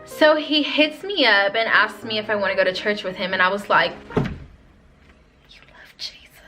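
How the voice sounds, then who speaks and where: A young woman vlogger telling a dating story in lively, slangy storytime style. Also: mid-range voice, brisk, over music. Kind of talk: storytime vlog.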